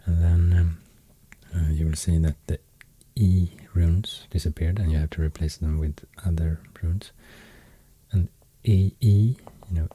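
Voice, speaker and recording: A man with a Swedish accent giving a soft-spoken ASMR talk, half-whispering and pausing often with fillers. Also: low voice, fairly even intonation, breathy edge. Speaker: ASMR host explaining runes.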